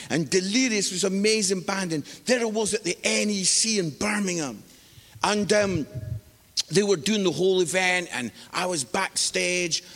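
A man preaching a sermon, animated and exclamatory, acting out voices as he tells a story. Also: a little high. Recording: long hall reverb.

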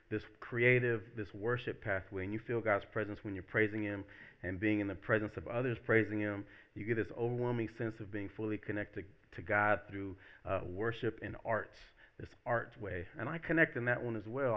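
A man in a pastor's role preaches in a loose, conversational way, slipping into quoted voices as he goes. His voice sits fairly low. The recording sounds a little dull and lo-fi. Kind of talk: casual sermon.

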